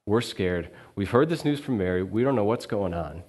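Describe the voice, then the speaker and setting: A male minister giving an earnest first-person sermon monologue in character, quiet and reflective in the sad parts, lively when the story turns. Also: fairly low pitch, normal speed. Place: church sanctuary.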